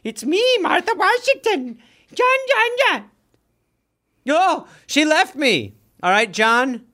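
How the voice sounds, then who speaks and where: A man voicing the ghost of a sharp-tongued old woman who mocks and insults a man. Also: very high-pitched, very animated, slow, exaggerated voice. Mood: scolding. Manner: mocking, insulting.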